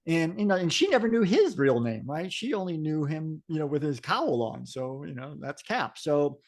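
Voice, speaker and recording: A man's voice: a little high, sing-song, normal speed. Rambling male podcast co-host. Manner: rambling, frequent fillers and restarts. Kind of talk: casual podcast chat about comics.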